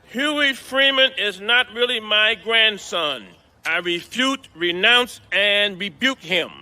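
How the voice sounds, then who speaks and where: A man voicing Robert Freeman, a vain, boastful older man who calls himself a civil rights hero, in an animated comedy. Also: high-pitched, slow, exaggerated voice. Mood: pompous. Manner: boastful, blustering, shouts when riled.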